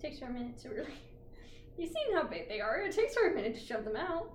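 A woman's voice: high voice, very animated, fast talker, echoey room, a little hiss or hum. A young woman co-hosting a podcast in a casual chat, throwing in crude, joking asides. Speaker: podcast co-host.

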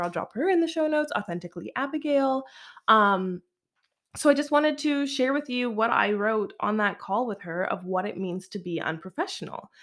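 A young Canadian woman hosting her own podcast, talking casually on her own and laughing often, with lots of "like" in her speech. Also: medium pitch. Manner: chatty, laughs often, says "like" a lot. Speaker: podcast host. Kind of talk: casual solo podcast monologue.

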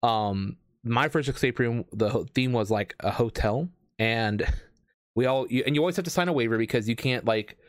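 A man telling a long story in casual chat, rambling with lots of fillers and restarts, getting animated. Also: mid-range voice, normal speed, no room sound, studio quality. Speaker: escape room game host.

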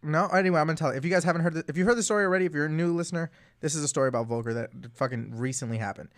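Laughing, animated young male podcast host. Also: fairly high pitch, rapid-fire. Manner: animated, laughs through his stories, swears freely. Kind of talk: casual storytelling chat.

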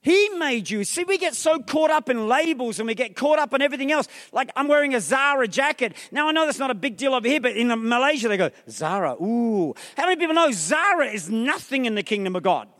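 A male pastor preaching an energetic sermon, rousing the crowd with repeated questions and calls, mixing in humorous asides. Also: very high voice, quick pace, hardly any pauses. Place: large theatre hall. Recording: long reverb of a large theatre.

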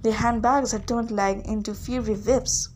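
A woman reading a story aloud in a steady storytelling voice, giving the characters their own voices. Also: fairly high pitch, moderate pace, faint music behind. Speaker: reader. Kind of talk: audiobook reading.

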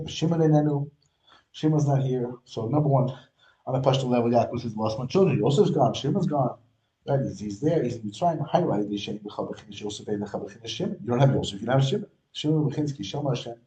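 A man's voice: medium pitch, warm tone, roomy sound, poor audio. A man teaching a religious text line by line. He explains in English, mixes in Hebrew terms and often restarts his sentences. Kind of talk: textual study lesson.

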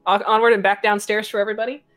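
A woman's voice: mid-range voice, flat delivery, racing, fairly bright tone. A chatty woman runs a tabletop game as its game master. She fills her narration with small fillers and laughs often. There is faint music under her voice.

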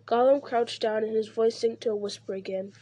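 A woman reading a novel aloud at a steady pace, with occasional slips and restarts. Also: a little high, brisk. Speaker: reader.

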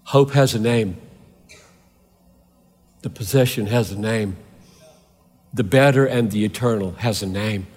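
Slow-preaching man in a reverberant sanctuary. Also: fairly low pitch. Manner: impassioned, rising to loud emphatic peaks then dropping to quiet intensity. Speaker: pastor. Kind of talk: sermon.

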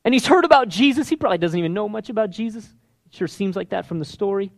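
A man's voice: high voice, fast talker, creaky. A man preaching a sermon, telling a story with energy and acting out the characters' voices. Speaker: pastor.

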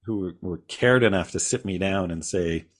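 A man's voice: deep voice, moderate pace. A man guest on a podcast, telling his own story in a rambling, casual way with frequent restarts and small laughs.

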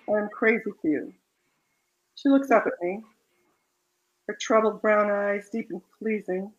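A woman author reading her own romance fiction aloud in a soft, measured way, then chatting about the story. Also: mid-range voice, lo-fi sound.

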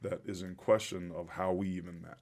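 Low-voiced man telling an earnest story. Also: little pitch movement, fairly quick, darkish tone. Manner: reflective, earnest, emotional at times. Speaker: guest. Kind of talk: emotional personal storytelling.

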